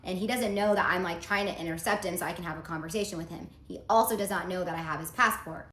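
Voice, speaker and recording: A woman's voice: lowish voice, quick pace, a bit bright. A woman telling her own story in a casual storytime monologue, earnest and confiding, reading out text messages as she goes. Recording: roomy echo, faint background noise.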